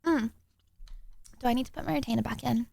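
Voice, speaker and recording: A woman's voice: a little high, quick pace, vocal fry, dark tone, no room sound. A young adult woman streamer hosting a casual livestream chat, bubbly and chatty, full of filler words. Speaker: streamer host.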